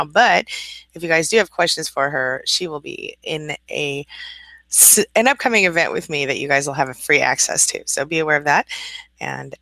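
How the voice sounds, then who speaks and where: Woman coach hosting a live stream; low, bright, gravelly voice, dry close sound, chatty and affectionate. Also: dry recording, poor audio. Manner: chatty and affectionate, greets viewers as honey. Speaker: host and coach. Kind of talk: live-stream chat, reading viewer comments.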